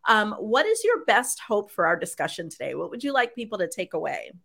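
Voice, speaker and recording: A woman's voice: mid-range voice, big pitch swings, fairly quick, creaky, a bit bright. A woman hosting a podcast roundtable, guiding the discussion with organized questions. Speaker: podcast host. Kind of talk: moderating a roundtable.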